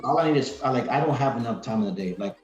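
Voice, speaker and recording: Talking very fast and expressively at medium pitch, this man is a podcast guest rambling energetically in casual chat, dropping "like" and "man" constantly. Faint music plays behind, and the recording sounds roomy, dull, and lo-fi.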